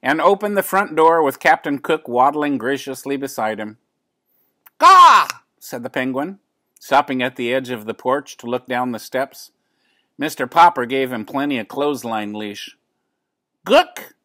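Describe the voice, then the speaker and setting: An older man, a grandfather, reading a children's book aloud at home and pausing to explain words. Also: mid-range voice, dry recording, studio quality. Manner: gentle, explains words as he reads. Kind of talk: children's storybook read-aloud.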